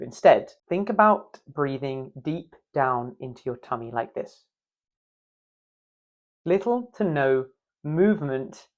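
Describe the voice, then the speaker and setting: A man teaching breath work for speaking, playful and demonstrative, with self-mocking asides. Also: fairly high pitch. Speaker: voice coach. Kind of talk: instructional video.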